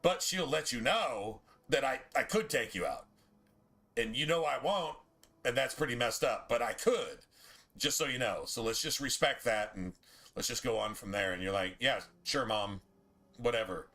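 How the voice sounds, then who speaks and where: Male streamer, bright and forceful voice, laid-back and profane, loose gameplay chatter. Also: mid-range voice, lively intonation, moderate pace. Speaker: game streamer. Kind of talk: casual gameplay commentary.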